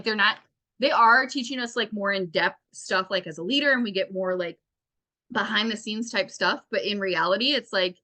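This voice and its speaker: A woman's voice: medium pitch, bright, forceful tone. A woman team leader giving a chatty recap to her team, full of fillers, acting out what others said. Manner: chatty, lots of fillers, acts out quotes. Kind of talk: casual recap talk to team.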